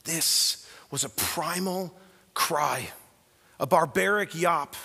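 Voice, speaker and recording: A man preaching a sermon as a pastor, earnest and emphatic, swinging from quiet to loud as he tells the story. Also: fairly high pitch, lively intonation, slow, creaky, pauses often, slightly rough, in a large hall.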